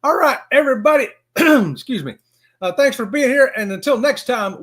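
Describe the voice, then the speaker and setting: Man, Southern US accent, fifties, folksy live-stream host, high voice, bouncy animated pitch. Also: moderate pace. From Florida. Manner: folksy, excitable, greets viewers by name. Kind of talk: casual live-stream chat.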